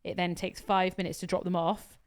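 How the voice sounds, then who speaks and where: Fast-talking blunt woman. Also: lowish voice. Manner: blunt, animated storytelling with quoted dialogue and swearing. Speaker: podcast co-host. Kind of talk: casual chat.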